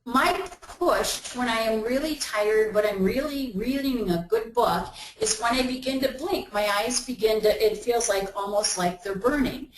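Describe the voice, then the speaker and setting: Woman doing a webinar talk, kinda high voice, chatty, roomy echo on the audio. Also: normal speed, hardly any pauses, slight background noise. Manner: conversational, acts out everyday inner voices. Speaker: webinar presenter.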